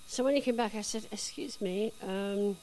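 A woman telling a personal faith testimony in a chatty, animated storytelling way. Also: medium pitch, moderate pace, slight background noise, rough recording. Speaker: speaker giving a testimony.

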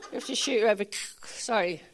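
A woman's voice: mid-range voice, fairly quick. An older woman preaching a sermon, telling funny personal stories, laughing often and acting out conversations.

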